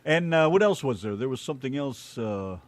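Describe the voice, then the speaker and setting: A man's voice: mid-range voice, lively intonation, fairly quick. An American man co-hosting a casual chat show, joking playfully and chuckling. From United States. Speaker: co-host.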